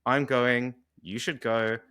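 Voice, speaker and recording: British guy hosting a chatty podcast, bright forceful voice, jokey and keen. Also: mid-range voice, fairly even intonation, takes it slowly, clean tone. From Britain. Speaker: podcast host. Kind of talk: casual podcast interview.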